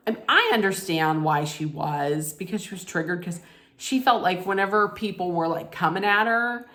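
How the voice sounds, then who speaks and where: A woman's voice: lowish voice, moderate pace, a bit bright. A woman vlogger recapping a reality TV episode in a casual, chatty way, retelling scenes and quoting lines with frequent restarts.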